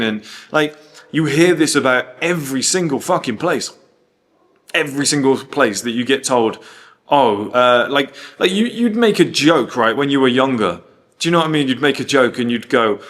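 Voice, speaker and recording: A man's voice: mid-range voice, normal speed, a bit bright. A man from the UK talking casually and bluntly, telling stories full of quoted dialogue and swearing. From United Kingdom. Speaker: host. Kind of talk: casual monologue.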